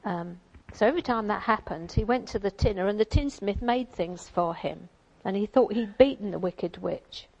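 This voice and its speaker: A woman speaks to a church group in a relaxed, conversational way. She drifts between teaching and reading a storybook passage aloud, with frequent ums and little asides along the way. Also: mid-range voice, normal speed, vocal fry, few pauses, dull audio. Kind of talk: informal sermon with a read-aloud passage.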